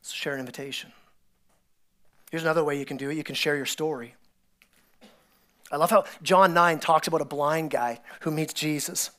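Give me a chatty, animated male pastor preaching. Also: a little high, moderate pace, long pauses. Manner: animated storytelling, acting out biblical characters with excited voices; conversational, repeats words and restarts often. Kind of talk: sermon. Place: church sanctuary.

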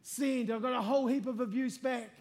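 A man preaching a testimony sermon, telling his story earnestly and building to impassioned shouting. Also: very high-pitched, steady tone, a little fast, creaky.

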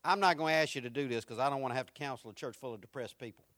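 A man preaching a sermon, moving from quiet, reflective lines to loud, repeated build-ups. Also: mid-range voice, racing, no room sound. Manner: swings from quiet to rising, repetitive preaching. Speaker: pastor.

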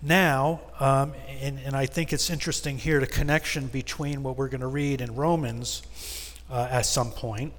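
Man, mid-pitched, Bible study leader reading and explaining scripture, long reverb of a church hall. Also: steady tone, moderate pace. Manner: reads scripture aloud and explains it with casual asides.

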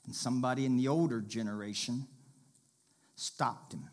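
A man's voice: mid-range voice, normal speed. Man preaching with dramatic swings. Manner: dramatic, animated reading with sudden loud and soft turns; calls out to the congregation. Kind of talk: sermon with scripture reading.

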